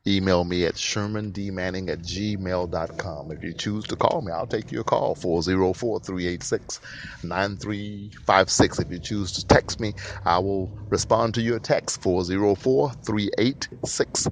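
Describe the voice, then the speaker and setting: A man's voice: low voice, measured pace, slight background noise. A man hosting his own podcast, talking in an emphatic way and repeating phrases for stress. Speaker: podcast host. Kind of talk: solo podcast monologue.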